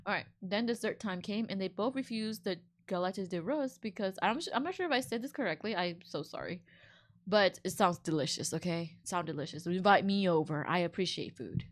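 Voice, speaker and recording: A woman's voice: mid-range voice, fairly quick. Indignant woman streamer reacting to stories. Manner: animated, indignant, slangy reactions. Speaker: VTuber streamer. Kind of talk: reading and reacting to online stories.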